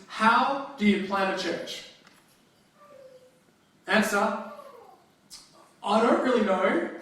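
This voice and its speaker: High-voiced man preaching in an echoey hall. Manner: conversational, lively preaching with restarts. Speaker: pastor. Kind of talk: sermon. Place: church hall. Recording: very echoey hall, distant mic.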